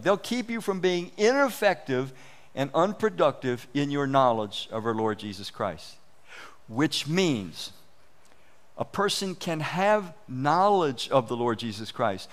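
A man giving a conversational, folksy sermon, acting out inner voices and often restarting his words. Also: a little high. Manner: animated, acts out inner voices. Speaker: preacher.

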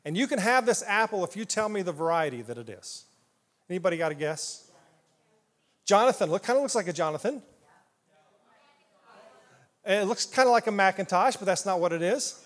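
A high-voiced man preaches with animated, playful energy, asking the congregation questions. His voice rings with long reverb through a church hall. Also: moderate pace, pauses often. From southeast Iowa, US. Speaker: pastor. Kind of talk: sermon.

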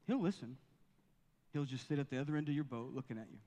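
Preaching in a church sanctuary, a pastor builds with increasing fervor toward an impassioned reading of scripture. He's a fast talker with a warm, mid-range voice and a big-room sound.

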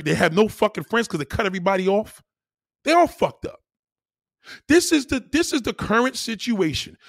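A man's voice: sits high, dry recording, studio quality. A man hosting a live stream alone, ranting to his chat in a profane, combative, preachy way. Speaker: livestream host.

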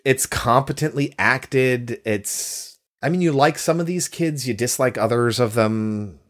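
A man with a sick voice co-hosting a podcast, giving an opinionated, casual movie review. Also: measured pace. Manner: animated, opinionated, swings pitch when emphasizing. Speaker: podcast co-host.

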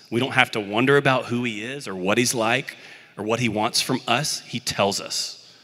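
A man's voice: medium pitch, moderate pace, pushed and bright, in a large hall. A young man from the Birmingham, Alabama area preaching a sermon in a conversational, self-deprecating way.

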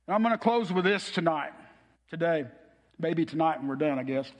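A man's voice: fairly high pitch, lively intonation, a little fast, big-room sound. A middle-aged man preaching a sermon as pastor, telling a story in an earnest, heartfelt way.

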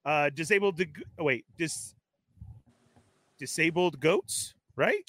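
Bright, high-voiced male stream host. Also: no room sound. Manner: energetic, reads viewer shout-outs rapid-fire. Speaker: livestream host. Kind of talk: casual live-stream chat.

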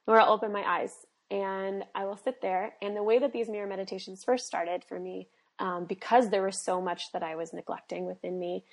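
A woman health coach talking in a casual podcast conversation, earnest and animated, with many fillers, acting out little dialogues. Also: mid-range voice. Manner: acts out quoted dialogue.

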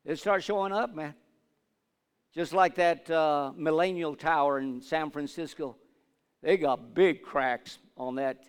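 A man preaching as a pastor, asking the congregation for amens and building to loud fervent declarations. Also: fairly high pitch, clear, resonant tone. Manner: repetitive call-and-response, asks for amens. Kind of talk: sermon. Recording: long hall reverb.

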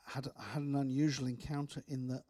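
A man preaching, telling personal stories with restarts and soft, hushed drops. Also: mid-range voice, level tone, brisk. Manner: storytelling with repeated restarts, soft dramatic drops. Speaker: speaker. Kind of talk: preaching testimony.

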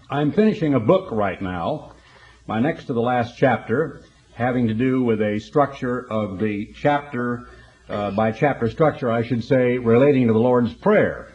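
A man's voice: mid-range voice, a little slow, a little mellow, dull audio. A man preaching a broadcast sermon in a folksy, conversational storytelling manner.

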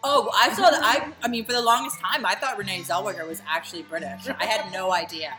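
A woman co-hosting a podcast in casual banter, talking fast, laughing often and swearing casually. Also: medium pitch, sharp tone, soft background music. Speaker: podcast co-host.

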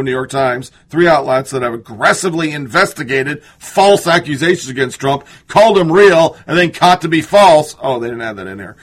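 Man, political commentator, slightly high voice, husky tone, reading articles aloud, sarcastic asides. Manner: sarcastic asides, reads quotes then scoffs.

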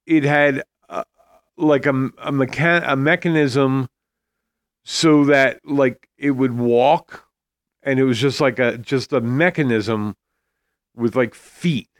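A man co-hosts a casual podcast, talking slowly and explaining with examples. His voice is smooth and even. The sound is dry and close, with no room around it. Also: mid-range voice, no echo. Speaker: podcast co-host. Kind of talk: casual chat.

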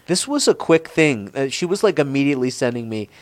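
A man's voice: medium pitch, big pitch swings, fairly quick, no room sound. A man in his forties telling a long, rambling, profane story in a casual chat, with frequent restarts. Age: 40s.

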